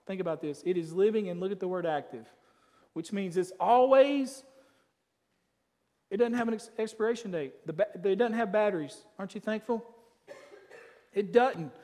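A man preaching a sermon as pastor, emphatic, swinging between loud declarations and quiet asides. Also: high voice, normal speed, pauses often, big-room sound.

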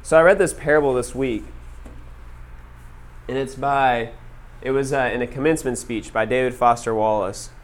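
A man telling a story to an audience in a casual, animated way, full of "like" fillers. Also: mid-range voice, moderate pace, pauses often. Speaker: speaker addressing an audience. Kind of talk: storytelling talk to a live audience.

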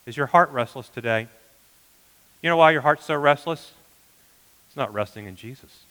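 A man preaching a sermon as pastor, earnest, often dropping to a hushed emphasis. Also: mid-range voice, normal speed, long reverb tail, low-quality recording.

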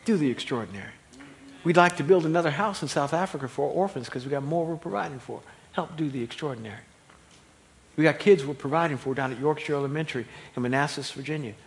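A man preaching a sermon as pastor, building from calm teaching to loud, emphatic preaching. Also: fairly high pitch, fast talker.

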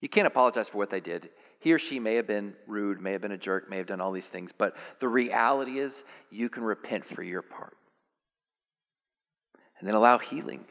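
A man preaching a sermon, animated and building to high, excited peaks. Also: fairly quick, lo-fi sound. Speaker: pastor. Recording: long hall reverb.

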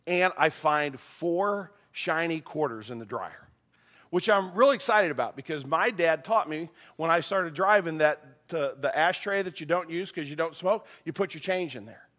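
A middle-aged man preaching a sermon, his voice a bit strained, animated and acting out quoted voices. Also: a little high, moderate pace. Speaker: pastor.

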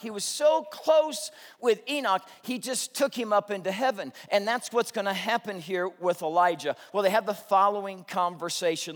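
Man, pastor, high-pitched, theatrical preacher, long hall reverb. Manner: animated, dramatic storyteller who shouts punchlines. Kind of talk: humorous sermon storytelling.

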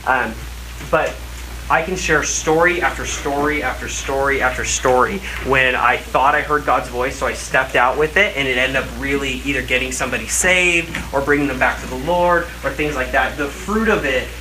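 A man's voice: mid-range voice, normal speed, noisy background. A man preaching a sermon, telling stories casually and acting out quotes with animation.

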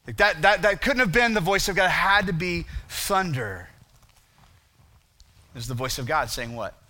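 A pastor preaching a sermon, asking rhetorical questions and dropping to a quiet, low voice for emphasis. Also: male voice, lively intonation, normal speed.

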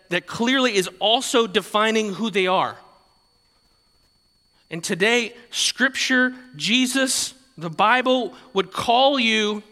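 Bright-voiced man preaching in a reverberant hall. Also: high voice. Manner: conversational, repeats words, laughs lightly, acts out quotes. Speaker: pastor. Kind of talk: sermon.

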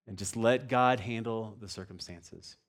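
A young adult man telling a story in a sermon, animated, swinging between loud excited bursts and hushed, low passages. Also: a little slow. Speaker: pastor.

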